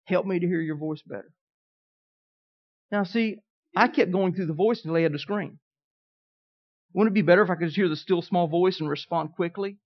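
Pastor guy preaching, folksy storyteller, gets quiet then loud, muffled lo-fi sound. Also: high voice, brisk. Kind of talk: sermon. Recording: dull lo-fi recording.

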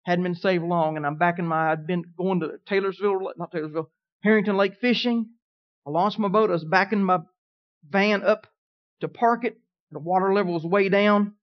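Man, pastor, folksy sermon storyteller with big swings in loudness; dull lo-fi recording. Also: sits high, fairly even intonation, normal speed.

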